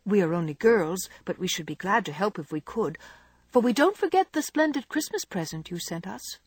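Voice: mid-range voice, sing-song, normal speed, breathy edge, no room sound. A reader doing an eager young girl. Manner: eager, polite.

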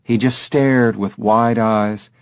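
A man's voice: lowish voice, steady tone, slow pace, no room sound, studio quality. A man reading an audiobook in a scripted narration style.

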